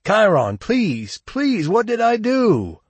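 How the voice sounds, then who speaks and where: A man voicing a terrified young man from the streets, pleading in a high, strained voice. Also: huge pitch swings, slow pace, husky, dry recording, full character voice. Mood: desperate pleading.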